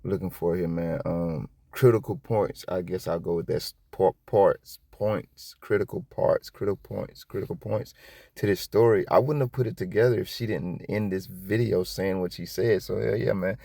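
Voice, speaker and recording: A man giving casual reaction commentary on a police video, rambling and profane, with sudden high-pitched outbursts. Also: fairly even intonation, moderate pace, gravelly, warm tone, dry recording, clean studio sound. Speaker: copwatch commentator.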